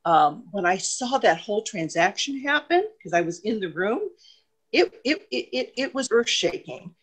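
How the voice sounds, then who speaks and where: A woman's voice: medium pitch, big pitch swings, moderate pace, breathy edge. A woman party member asking a question on a video call, emotional and hesitant, rambling with many ums and restarts. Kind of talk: question in an online meeting.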